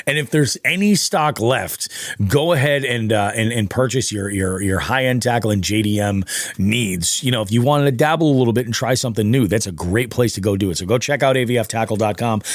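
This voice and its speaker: A man's voice: fairly low pitch, no room sound. A young adult man hosting a fishing podcast, chatting casually, joking and swearing. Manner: profane, joking, animated. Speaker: podcast host. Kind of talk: casual chat.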